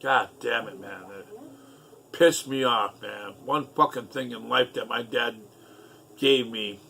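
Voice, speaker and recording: Gravelly middle-aged man telling rambling stories. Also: medium pitch, fairly even intonation, slow pace, sharp tone, slight background noise. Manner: profane, rambling, aggrieved. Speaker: storyteller. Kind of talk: casual storytelling.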